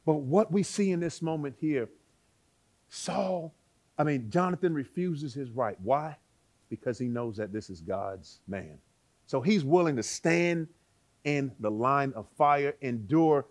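Preaching in a voice on the high side, this man shifts dramatically from loud exclaiming to hushed speech. He poses rhetorical questions to the congregation.

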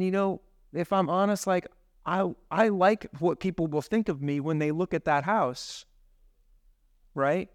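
Male pastor, fairly high, smooth clear voice, dry close sound, chatty sermon delivery. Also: no room sound. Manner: conversational, with tag questions and asides.

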